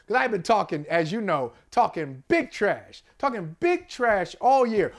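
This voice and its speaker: A man co-hosting a casual sports talk show, emotional and animated, laughing often as he talks. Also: high voice, normal speed, few pauses. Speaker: co-host.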